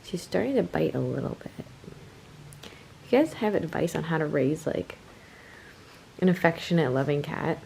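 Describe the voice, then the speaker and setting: A young woman chats casually to her camera at home, her voice sitting a little low, with baby talk now and then. Faint room ambience hums behind her, picked up by a handheld camera mic. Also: expressive, normal speed, creaky, long pauses, a little mellow, a little hiss or hum, low-quality recording. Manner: chatty, switches to high baby talk with the kitten. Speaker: vlogger. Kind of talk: casual vlog chat. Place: home bedroom, indoors.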